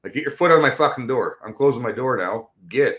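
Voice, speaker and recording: A man with a middle-pitched voice venting in a profane, blunt rant. He swears hard and talks over his grievances with rising anger. It sounds like a casual podcast chat. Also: expressive, fast, a bit bright. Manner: blunt, angry ranting with heavy swearing. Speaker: podcast co-host.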